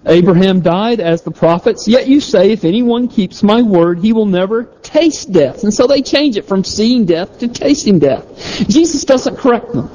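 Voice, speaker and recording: A man preaching a sermon, slow and emphatic, repeating key phrases over and over. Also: high-pitched, animated, warm tone, poor audio. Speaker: pastor.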